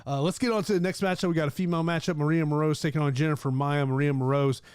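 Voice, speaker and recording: Higher-voiced man hosting a betting show. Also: steady tone, racing, darkish tone, smooth, no room sound, studio quality. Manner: conversational, many fillers and restarts. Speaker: host and MMA analyst. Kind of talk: casual sports betting chat.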